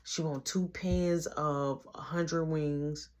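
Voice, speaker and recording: Woman doing a scheming younger brother, low hushed voice, half-whispered, quick and quiet, storytelling vlog. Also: steady tone.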